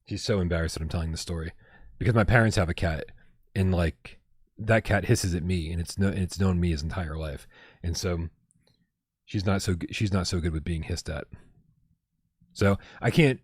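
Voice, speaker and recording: A man co-hosting a casual livestream chat, talking with excitable energy and swearing freely. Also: deep voice, husky, no room sound, clean studio sound. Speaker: podcast co-host.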